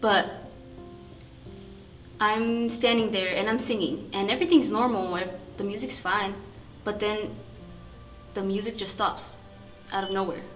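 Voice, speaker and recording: A woman's voice: mid-range voice, steady tone, measured pace, pauses often, fairly bright tone. Young woman sharing her testimony, chatty w lots of likes and ums, guitar playing under her. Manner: chatty, with many fillers and quoted inner thoughts. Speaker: youth testimony speaker. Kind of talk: personal testimony, casual storytelling.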